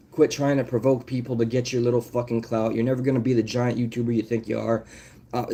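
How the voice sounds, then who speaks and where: A man's voice: medium pitch, mellow. A man ranting on a live stream, swearing often and calling out viewers by name. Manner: profane, confrontational, calls out viewers by name. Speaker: livestreamer.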